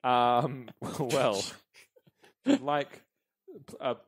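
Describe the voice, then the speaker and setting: A man's voice: mid-range voice, fairly even intonation, extremely slow. A man hosting a podcast, giving rambling, self-mocking sign-offs in casual chat. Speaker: podcast host.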